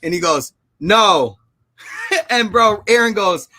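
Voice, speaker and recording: A man's voice: high-pitched, takes it slowly, sharp tone. A man chatting casually on a live stream, telling rambling stories with restarts and repeats. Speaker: storage auction buyer and show regular.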